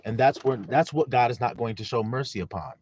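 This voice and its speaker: A man's voice: mid-range voice, animated, brisk, slight background noise. A man preaching a sermon on a live stream, emphatic and often asking listeners whether they understand. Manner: emphatic, repeats questions to listeners; greets viewers in chat. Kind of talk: livestream sermon.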